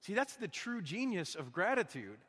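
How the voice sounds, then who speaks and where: A man's voice: high voice, very animated, normal speed, bright, forceful tone, breathy edge, in a large hall. A man preaching a sermon in an earnest, conversational way, often asking his listeners questions. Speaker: guest preacher.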